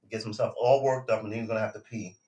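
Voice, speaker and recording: A man hosting a casual home livestream, relaxed and chatty, often coaxing his dog in a sing-song voice. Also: lowish voice, racing, muffled recording. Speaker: livestream host. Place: home room.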